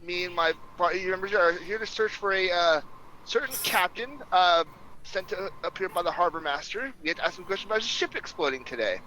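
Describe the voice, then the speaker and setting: A man's voice: sits high, lively intonation, brisk, pushed and bright, a little hiss or hum, rough recording. A man playing a flustered apologetic adventurer. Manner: stammering, apologetic.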